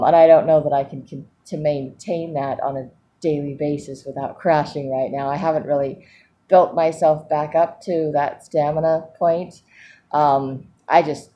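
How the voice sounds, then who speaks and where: A woman's voice: sits low, warm tone, slight background noise. A woman talking candidly in a personal video diary, rambling and laughing often as she goes. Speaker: vlogger.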